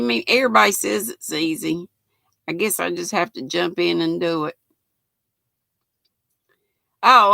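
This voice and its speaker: An older woman in her sixties with a drawl hosts a relaxed livestream, reading out chat messages and greeting viewers by name. She talks slowly in a gravelly voice with a bright edge, close to the mic in a dry room. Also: mid-range voice, dry recording. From United States. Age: 60s. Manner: chatty, reads viewer comments aloud and greets viewers by name. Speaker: channel host reading live chat.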